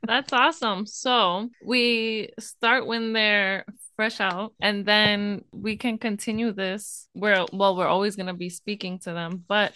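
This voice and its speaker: A mother co-hosting a casual parenting chat, playful and quick to laugh. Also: medium pitch, fairly even intonation, pushed and bright, smooth, dry recording.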